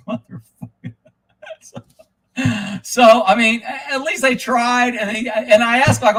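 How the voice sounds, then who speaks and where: A middle-aged man hosting a live stream, ranting loudly and profanely as he tells stories in casual talk. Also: high-pitched, fairly quick, pauses often. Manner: loud, profane, type A storyteller.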